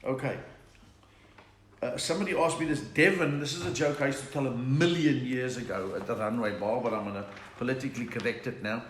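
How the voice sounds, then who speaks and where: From a home room during lockdown, an older South African comedian does a live-streamed stand-up chat, telling jokes and reading out viewer comments in a chatty way. His mid-range voice runs a little fast, and the echoey recording has slight hiss or hum.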